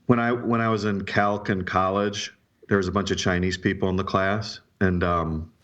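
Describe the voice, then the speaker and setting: A man co-hosting a podcast, relaxed and agreeable, often laughing along. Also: deep voice, normal speed, muffled recording. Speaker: podcast co-host. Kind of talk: casual chat.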